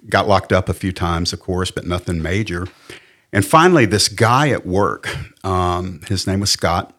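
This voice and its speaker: A man's voice: low-pitched, fairly bright tone. A middle-aged man with a Southern American accent, a pastor telling his personal testimony in an earnest, candid, plainspoken way. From Southern United States. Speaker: pastor and podcast guest.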